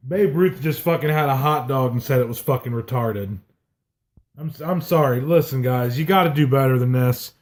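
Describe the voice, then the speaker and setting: A man's voice: mid-range voice, normal speed. A man from South Carolina ranting about baseball on a podcast, heated and swearing constantly. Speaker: podcast co-host. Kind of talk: profane sports rant.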